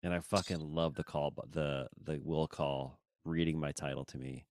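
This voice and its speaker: A man's voice: very deep voice, steady tone, normal speed, darkish tone, dry recording. A man in casual chat, rambling and searching for words, with a dry sense of humor.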